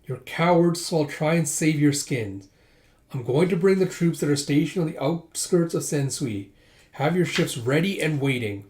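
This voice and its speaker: A man's voice: on the high side, expressive, normal speed, a little mellow, natural voice. A man voicing a determined young noblewoman from a comic, speaking firmly and urgently as he reads it aloud. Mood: insistent. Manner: firm, blunt and urgent. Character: determined young noble girl rallying merchants.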